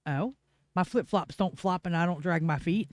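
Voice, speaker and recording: A woman co-hosting a casual livestream, chiming in with quick playful comebacks. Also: lowish voice, a little mellow, no echo. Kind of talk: casual chat.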